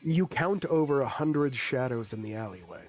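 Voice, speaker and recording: A man's voice: mid-range voice, animated, normal speed, faint music behind. Male game master, casual storyteller, a little bossy with the table.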